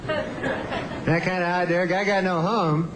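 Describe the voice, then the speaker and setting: A man doing deadpan, rambling stand-up comedy in an archive clip. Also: sits high, slow pace. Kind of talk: stand-up and talk show clips. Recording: archive clip with loud crowd and hiss.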